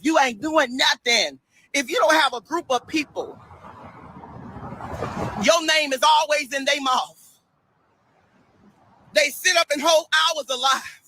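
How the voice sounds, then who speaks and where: Guy on a live stream, really high voice, loud and sassy, preachy, waving off the haters. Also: rough recording. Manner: loud and animated, bursts into shouts and laughter; sassy, dismissive toward commenters. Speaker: livestreamer. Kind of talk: preachy livestream monologue.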